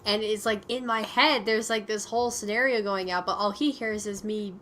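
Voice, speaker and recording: A woman co-hosting a podcast in casual chat, telling stories in an animated way and giggling often. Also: mid-range voice, normal speed, slight background noise. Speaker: podcast co-host.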